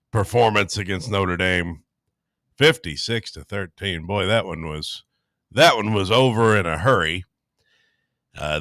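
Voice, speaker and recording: A man's voice: deep voice, pushed and bright, no room sound, clean studio sound. A man co-hosting a sports radio show, reading the headlines with wry asides. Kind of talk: radio news headline read.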